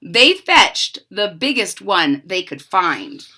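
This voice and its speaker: A young woman reading a children's picture book aloud expressively, pausing to explain the pictures. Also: on the low side. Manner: expressive storytelling with explanatory asides. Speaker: storybook reader.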